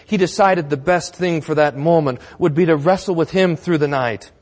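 A man's voice: a little high, moderate pace, darkish tone. A male pastor preaching a sermon in a church, conversational with wry humor.

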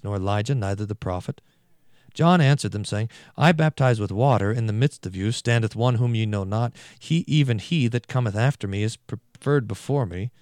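A man reading a sermon aloud in a measured, emphatic way, slowing down for Latin phrases. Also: lowish voice, a little mellow, dry recording, clean studio sound. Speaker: reader.

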